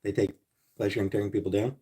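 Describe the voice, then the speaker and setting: A man hosting a casual livestream, reading viewer comments and answering bluntly and profanely, with sarcastic jokes, sometimes muttering low and sometimes ranting loudly. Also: steady tone, fast talker, slightly rough. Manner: blunt and profane, swinging between mutters and loud rants. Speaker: livestream host.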